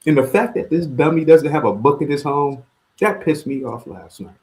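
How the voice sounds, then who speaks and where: A man's voice: on the high side, lively intonation, normal speed, darkish tone. A man on a call-in livestream panel, ranting and repeating himself in heated casual talk.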